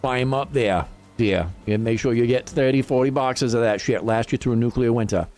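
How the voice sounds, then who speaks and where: A man's voice: mid-range voice, a little fast, a little mellow, soft background music, natural voice. A man putting on the voice of a grumpy old man who hoards snack cakes, drawling and cursing as he grumbles. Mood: grumbling.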